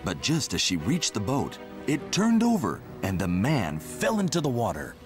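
A man reading a children's story aloud in an expressive, unhurried way. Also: medium pitch. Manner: slow, very animated expressive reading. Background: music.

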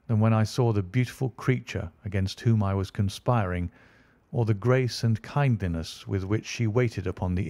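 A man narrating an audiobook in a steady, measured storytelling manner. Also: lowish voice, no room sound.

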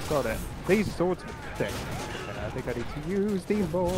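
A young man streaming a medieval battle game with friends, swearing and shouting at the action. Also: fairly high pitch, sing-song, normal speed, over music. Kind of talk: casual gaming chat and live reactions. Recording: game noise clearly audible behind.

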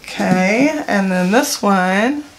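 A woman's voice: medium pitch, expressive, slow, soft background music. A middle-aged woman, chatting casually to camera about her makeup collection, rambling with fillers and self-corrections. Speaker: beauty vlogger. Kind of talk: casual product talk to camera.

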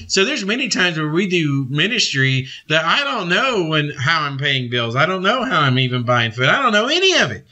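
A man giving an informal devotional teaching, earnest and animated, rambling with many fillers. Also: a little high, moderate pace, hardly any pauses, lo-fi sound. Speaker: preacher.

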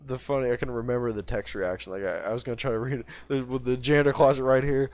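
A man streaming a game while high, talking in a loose, rambling way that trails off and restarts mid-thought. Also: fairly even intonation, fast, darkish tone. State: high after smoking. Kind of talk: casual rambling stream chat.

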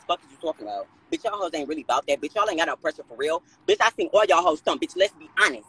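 A man in his twenties ranting on a phone livestream from a car at night, sassy and profane, with sudden high squeals. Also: very fast, hardly any pauses, a bit bright, slightly rough, poor audio. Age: 20s. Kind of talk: casual livestream rant. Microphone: phone held at arm's length.

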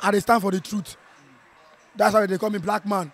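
A Nigerian man with a strained voice from shouting, reacting to a football match in an animated, playful way, slipping into Pidgin. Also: high-pitched, normal speed. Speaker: football fan. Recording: outdoor viewing center.

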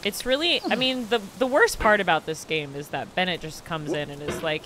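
Bright, lively woman streaming a game. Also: fairly low pitch, brisk, few pauses, a little hiss or hum. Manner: chatty, sarcastic, swears often, swings to loud squeals. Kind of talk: casual gameplay commentary.

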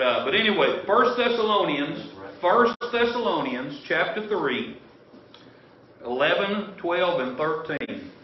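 A pastor gives a folksy, rambling sermon in a church sanctuary, frequently starting over mid-thought. His voice is a little high for a man, with slight background noise, and the recording is roomy, distant, and dull.

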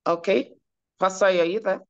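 A woman's voice: mid-range voice, fairly even intonation, brisk, clean tone. A woman hosting an online church service, cheerfully calling on each speaker in turn. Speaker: service host. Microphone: video call. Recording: dull, lo-fi call audio.

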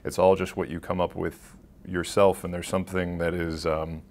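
A man's voice: deep voice, flat delivery, normal speed, a little mellow. A man working as a voice actor, answering interview questions in a rambling, casual way and laughing often. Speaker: voice actor guest.

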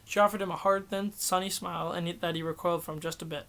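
A man reading a novel aloud as an amateur audiobook narrator, steady and unhurried with occasional restarts. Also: high-pitched, creaky. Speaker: audiobook reader.

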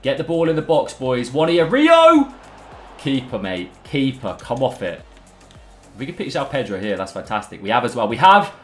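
An excitable young man bantering his way through live football game commentary. His voice sits in a roomy, echoing space with faint music playing underneath. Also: mid-range voice, a little fast. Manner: excitable, banter-filled, addresses viewers as lads and boys. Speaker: gaming YouTuber.

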